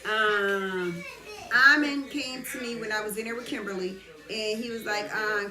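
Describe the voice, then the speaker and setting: A middle-aged woman telling a story in an animated, casual way while getting her hair done, often checking whether the listener understands. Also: mid-range voice, moderate pace, reverberant. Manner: animated retelling, keeps asking "you understand?". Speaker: vlogger. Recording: busy background chatter.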